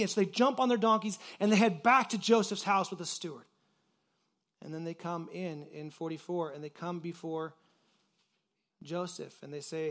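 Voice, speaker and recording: High-voiced casual preacher man. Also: moderate pace. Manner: casual and animated, acting out quoted voices; uses many fillers like "like". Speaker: pastor. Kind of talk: conversational sermon.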